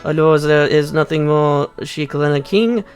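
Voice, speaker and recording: A man's voice: on the high side, measured pace, clear, resonant tone, faint music behind, natural voice. A man voicing a flamboyant, fashion-obsessed video game courtier, putting on theatrical French flair. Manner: theatrical, sprinkling in mock French words.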